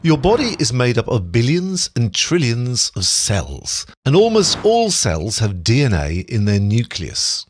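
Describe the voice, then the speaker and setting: A man giving scripted educational narration, explaining biology in a measured way. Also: medium pitch, wildly swooping pitch, slight background noise.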